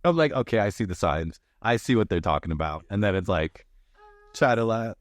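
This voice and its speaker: A man co-hosting a podcast in casual chat, laughing often and acting out quoted lines in higher voices. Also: expressive, a little fast. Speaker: podcast co-host.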